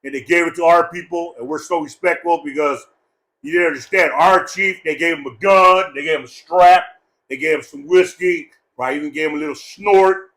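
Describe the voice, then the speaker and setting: A man's voice: fairly high pitch, fairly quick. Rowdy, profane man giving a eulogy. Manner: profane, loud and jokey, breaks into laughter. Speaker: speaker at a memorial gathering. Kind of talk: rambling, joking eulogy speech.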